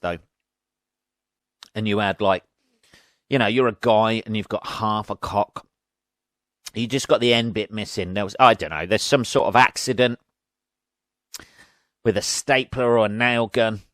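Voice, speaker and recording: A man's voice: on the low side, a little slow, pauses often, a bit bright, dry recording, clean studio sound. A man hosting a podcast, rambling through a crude comic monologue and laughing at his own jokes. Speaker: podcast host. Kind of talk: casual comedic monologue.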